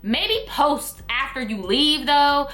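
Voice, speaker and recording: A woman's voice: high-pitched, expressive, slow pace, sharp tone. A young woman from New York, a vlogger ranting casually to camera, blunt, sassy and full of profanity. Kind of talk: casual opinion rant to camera.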